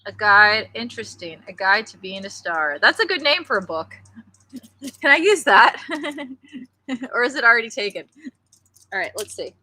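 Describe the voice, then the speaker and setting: A woman's voice: fairly high pitch, very animated, moderate pace, long pauses, pushed and bright, low-quality recording. A young woman livestreaming casually outdoors in front of her house, rambling, thanking viewers by name and reading aloud from a book. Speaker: livestream host. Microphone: laptop or webcam mic.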